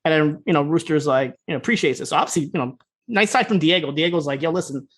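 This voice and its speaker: A man co-hosting a podcast, casually retelling scenes in a loose, fast way, slipping into quick quoted voices and laughing. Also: on the high side, a bit bright. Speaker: podcast co-host. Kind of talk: casual recap chat.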